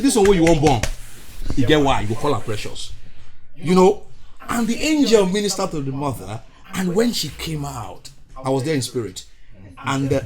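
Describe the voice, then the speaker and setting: A Nigerian man hosting a podcast with a showy, exuberant intro, mixing in Pidgin. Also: medium pitch. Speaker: podcast host. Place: recorded studio in Ottawa.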